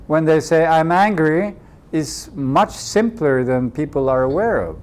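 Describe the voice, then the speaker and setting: A man's voice: fairly high pitch, slow, darkish tone, a little hiss or hum. A Norwegian man leading a coaching workshop, speaking unhurriedly in English as a second language and repeating key phrases for emphasis. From Norway. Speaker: workshop leader. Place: community workshop room.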